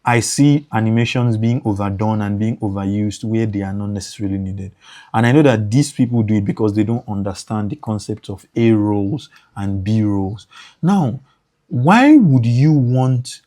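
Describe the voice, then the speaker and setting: A man's voice: on the low side, dark tone. A man teaching motion design for editors in a screen-recorded tutorial, repeating points and thinking aloud as he works.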